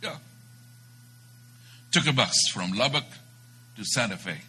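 A man preaching a sermon, telling a story with dramatic swings between loud bursts and hushed moments. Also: mid-range voice, expressive, measured pace, husky, poor audio.

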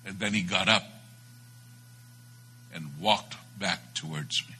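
A man preaching a sermon, telling a story with dramatic swings between loud bursts and hushed moments. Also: deep voice, takes it slowly, a little hiss or hum, poor audio.

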